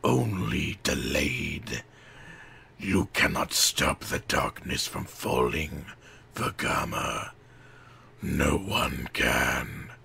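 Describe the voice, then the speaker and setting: A man voicing a sinister, gloating male shadow lord in a slow, low, hissing whisper for an audiobook. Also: sing-song, vocal fry, sharp tone, husky, heavily acted. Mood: menacing. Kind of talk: audiobook character voice.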